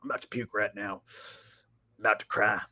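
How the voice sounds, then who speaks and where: A man doing an impression of a defeated middle-aged male talk-radio host, whimpering and rushed. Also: fairly low pitch, steady tone, bright, forceful tone.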